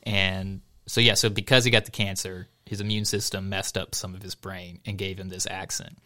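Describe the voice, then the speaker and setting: A man's voice: sits low, level tone, moderate pace, sharp tone. A man co-hosting a casual podcast, reading a news article aloud and chatting, laughing often as he goes.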